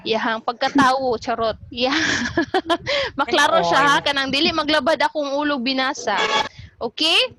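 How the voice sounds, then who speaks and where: A woman's voice: sits high, normal speed, crowd noise. A woman teacher with a Cebuano Filipino accent gives an online class lecture, switching between English and Cebuano and checking in with her students. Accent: Filipino, Cebuano-speaking. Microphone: video call. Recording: dull lo-fi video call audio.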